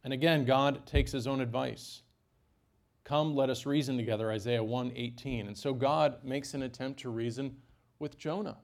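A man preaching a sermon at a mid-range pitch. He talks in an animated way, with sudden jumps up in pitch and volume. He adds dry asides between points. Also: normal speed, gravelly.

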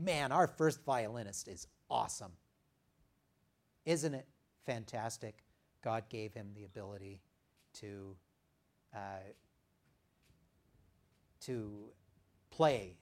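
A man preaching a sermon in an easygoing, conversational voice of middle pitch. He reads scripture, then talks it through with the congregation, pausing on the odd "uh." His voice lifts to stress a point and falls quiet as a phrase closes. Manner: reads scripture aloud, then explains it in a conversational way with frequent "uh" pauses; dynamic delivery, rising for emphasis and dropping very soft at the ends of phrases. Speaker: pastor.

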